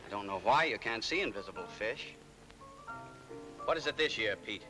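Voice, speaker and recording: A man playing a prim, polite gentleman in a 1940s film comedy, with a precise, fussy way of talking. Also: lowish voice, animated, normal speed, music in the background, lightly acted, low-quality recording.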